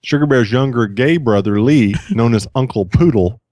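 A man's voice: medium pitch, moderate pace, mellow, dry recording. A man co-hosting a casual podcast, giving wry, dry commentary on odd news stories. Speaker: podcast co-host. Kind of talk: casual chat.

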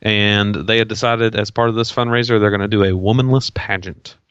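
A man's voice: on the low side, fairly even intonation, brisk, fairly bright tone, clean tone, dry recording, lo-fi sound. A man co-hosting a casual podcast, trading dry, joking banter. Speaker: podcast co-host.

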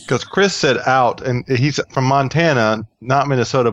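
A man's voice: medium pitch, normal speed, dry recording. A man on a tech podcast panel who jokes around playfully and pokes fun at himself. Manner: playful, joking, self-mocking. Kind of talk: casual tech chat. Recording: dull lo-fi audio.

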